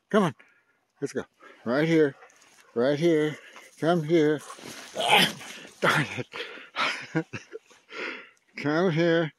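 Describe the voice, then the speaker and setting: A man's voice: fairly high pitch, no room sound. An older man talking casually to his dog, coaxing and teasing it with mild curses. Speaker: dog owner playing with his pet.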